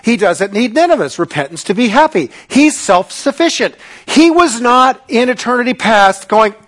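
A male pastor preaching a sermon, dramatic and sarcastic, swinging between loud bursts and hushed asides. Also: extremely high pitch, big pitch swings, moderate pace.

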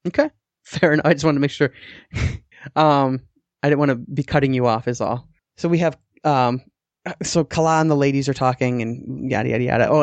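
A man's voice: medium pitch, no room sound. A man co-hosting a podcast, casually recapping a TV episode in a rambling way with the odd swear word. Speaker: podcast co-host.

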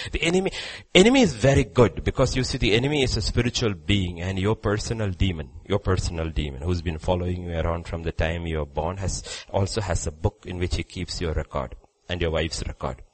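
A man preacher delivering a sermon, swinging between loud urging and quiet drops. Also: low voice, husky, rough recording.

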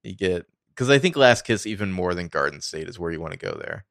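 A man's voice: low-pitched, very animated, a little fast, creaky, a bit bright, dry recording, studio quality. A man co-hosting a podcast, dismissing a film's problems in a wry, casual way. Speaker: podcast co-host. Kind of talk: casual movie review chat.

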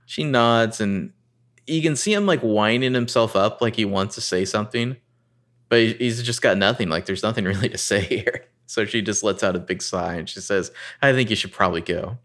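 A man with a lowish voice co-hosts a podcast, chatting casually at a moderate pace as he recaps a TV episode. He narrates scenes and acts out the dialogue with animated rises in his delivery.

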